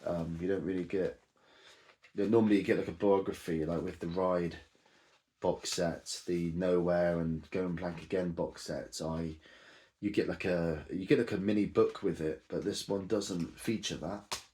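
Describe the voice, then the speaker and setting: Low-voiced man rambling through a review. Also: steady tone, normal speed, dark tone. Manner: rambling, many ums and self-corrections. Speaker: music reviewer. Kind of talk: casual unscripted review.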